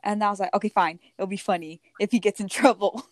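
A teenage girl telling a story in casual chat, animated and often laughing as she quotes others. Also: medium pitch, fast talker, no room sound. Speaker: podcast co-host.

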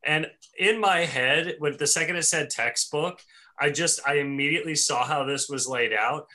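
Male podcast host, bright forward tone, loose joking banter, rambling asides. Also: a little high, moderate pace. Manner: joking, rambling, laughs often. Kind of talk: casual chat.

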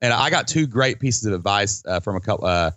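A man hosting a podcast in casual chat, animated and folksy, acting out quoted people with big jumps in his voice. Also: lowish voice, brisk, no room sound. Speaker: podcast host.

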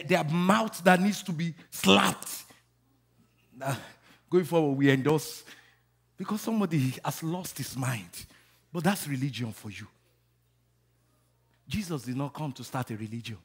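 A man preaching a sermon, calling on the congregation to repeat after him and building to shouts. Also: fairly high pitch, slightly rough. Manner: rising to shouting, call-and-response. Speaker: pastor.

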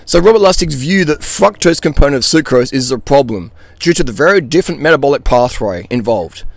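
A man's voice: medium pitch, animated, brisk, creaky, dry recording. A middle-aged man, a nutrition coach, answering viewer questions in a blunt, ranting monologue and laughing between points.

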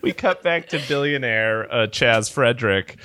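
A man co-hosting a comedy podcast, recapping a movie in a laughing, animated way. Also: mid-range voice, normal speed, slight background noise. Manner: animated, laughing, swearing, acts out film lines. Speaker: podcast co-host.

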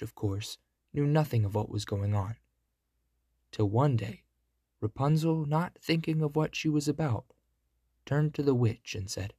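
Slow, husky male storyteller. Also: medium pitch, a little mellow, dry recording, studio quality. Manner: measured, storybook delivery. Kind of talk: fairy tale reading.

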